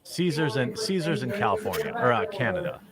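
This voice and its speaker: A man's voice: medium pitch, big pitch swings, brisk, a crowd in the background. A man giving casual commentary as a streamer, blunt and opinionated in a mock-serious way.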